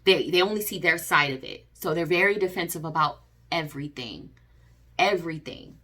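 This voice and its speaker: A woman vlogger speaks at normal speed in a low-pitched voice with a sharp tone. Talking to camera in a personal advice vlog, she is earnest and repetitive, with many fillers and restarts.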